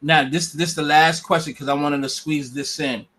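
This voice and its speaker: Male street interviewer with a slightly raised voice, halting and full of fillers. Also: fairly high pitch, fairly even intonation, a bit bright, husky. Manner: halting, filler-heavy questions.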